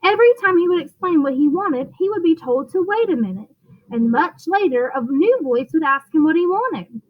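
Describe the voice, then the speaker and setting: A woman teacher reading a chapter book aloud to children, expressive, with occasional stumbles. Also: very high voice, moderate pace, phone-quality sound. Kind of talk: read-aloud storytelling for children.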